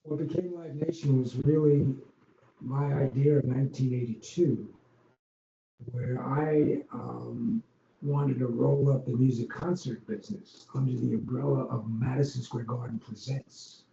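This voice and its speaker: A man's voice: mid-range voice, fairly even intonation, unhurried, vocal fry. An older man from Long Island, a former arena executive, telling rambling stories as an interview guest, full of ums and restarts. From Long Island, New York. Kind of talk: casual interview storytelling. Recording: dull, roomy podcast audio with faint noise.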